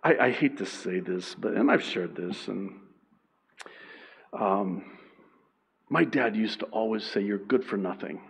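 A man preaching a sermon as pastor, emphatic and swinging between loud and hushed. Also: lowish voice, expressive, slow, vocal fry, pauses often, slightly rough.

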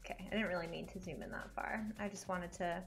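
A woman's voice: on the low side, fairly even intonation, quick pace, gravelly, soft background music. Chatty giggly young woman streamer. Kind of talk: casual gaming stream chat.

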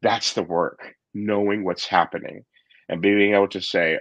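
A man with a very low voice talks candidly and thoughtfully, circling back with fillers and restarts. The sound is dry, with no room echo. It comes over a dull, lo-fi remote call. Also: lively intonation, a little fast, a bit bright. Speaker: podcast host and coach. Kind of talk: reflective conversational chat. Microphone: remote call microphone.

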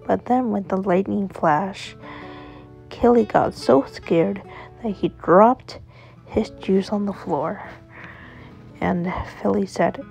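Woman storyteller, slow and gravelly, fairly high; dull lo-fi recording with faint music. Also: warm tone. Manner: slow unhurried telling. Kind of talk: bedtime story narration.

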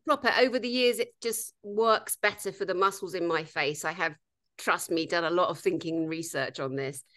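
A woman's voice: lowish voice, moderate pace, fairly bright tone. A woman co-hosting a casual chat, talking in a chatty, hesitant way with frequent ums. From Britain. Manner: chatty, hesitant, with many ums and throat clears. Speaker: co-host.

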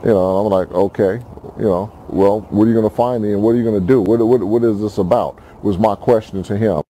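A man calmly recounting past events in an interview, in a measured, halting way with frequent restarts. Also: lowish voice, slight background noise.

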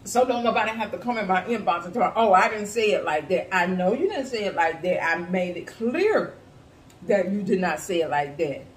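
A woman's voice: medium pitch, expressive, brisk, recorded from a distance. A woman giving blunt, sassy, profane commentary in a casual reaction video. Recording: echoey room with faint hiss.

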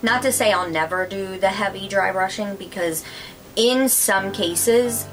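A woman's voice: mid-range voice, measured pace, music in the background, poor audio. A woman chatting casually to her viewers about craft and decor finds, gushing with lots of fillers. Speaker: craft vlogger. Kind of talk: casual haul chat to camera.

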